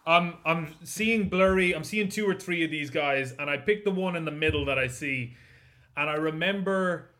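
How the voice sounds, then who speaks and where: Man, tabletop player, casual, halting, bright voice. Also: fairly high pitch. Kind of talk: casual role-play.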